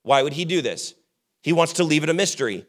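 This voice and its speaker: A young adult man preaching a sermon as pastor, casual and joking, acting out quick quotes. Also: on the high side, animated.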